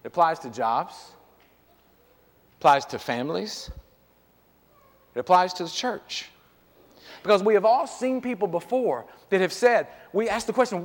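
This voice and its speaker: Male pastor with a high voice, chatty sermon full of rhetorical questions, church reverb. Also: moderate pace, long pauses. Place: church sanctuary.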